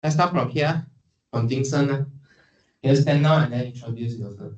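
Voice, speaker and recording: A male lecturer talks to his class in a loose, joking manner. His speech is full of "ah" fillers and has a mid-range pitch. He is picked up from across an echoey classroom. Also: moderate pace, a little mellow, lo-fi sound. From Sarawak, Malaysia. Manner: chatty, many "ah" fillers, joking with students. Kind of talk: classroom lecture, casual instructions. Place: university classroom. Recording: echoey classroom, far from mic.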